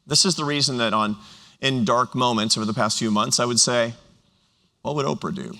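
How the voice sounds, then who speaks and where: A middle-aged man, a professor and co-author, speaking on stage in an animated, enthusiastic way with quick asides. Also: medium pitch. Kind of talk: onstage conversation. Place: large university auditorium. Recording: reverberant hall sound.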